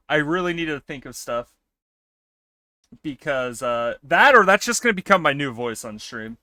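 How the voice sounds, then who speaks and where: A young man streaming, chatting casually with his viewers in an animated way, laughing often and swearing freely. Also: mid-range voice, normal speed, no echo. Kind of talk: casual live-stream chat.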